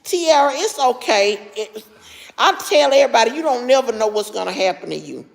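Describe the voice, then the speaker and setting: A woman's voice: fairly high pitch, expressive, fairly quick, vocal fry, long reverb tail. A middle-aged woman with heavy, labored breathing tells a story to her live chat, stopping now and then to answer viewers by name. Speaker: livestream host.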